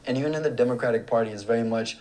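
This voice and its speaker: Quick, articulate young man. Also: medium pitch, darkish tone. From United States. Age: young adult. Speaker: debate panelist. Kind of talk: thoughtful debate talk.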